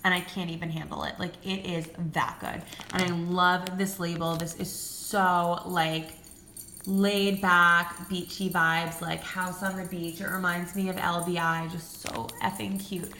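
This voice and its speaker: A bright, sharp-toned young woman in her twenties gushes through a casual haul video, excitable and full of "like". Her voice rings in an echoey room. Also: on the low side, unhurried, slight background noise. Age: 20s. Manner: gushing, excitable, peppered with "like" and swearing. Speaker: vlogger.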